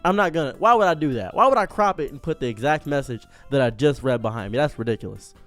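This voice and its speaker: A man's voice: mid-range voice, fast talker, faint music behind. A man telling a comedic story in a theatrical, exaggerated way, speaking in a room in front of a green screen. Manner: animated, theatrical, exaggerated delivery. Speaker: streamer and commentary host.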